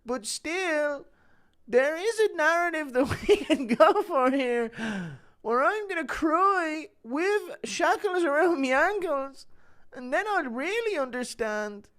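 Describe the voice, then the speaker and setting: A female-sounding synthetic voice reading chat messages as a meek, preachy, self-pitying young man in a flat, measured way. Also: high-pitched, heavily acted.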